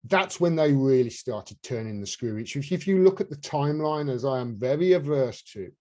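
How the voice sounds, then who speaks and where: A man's voice: medium pitch, expressive, moderate pace, dark tone. A man hosting a casual political chat, talking in a heated, indignant way and swearing freely. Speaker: podcast host.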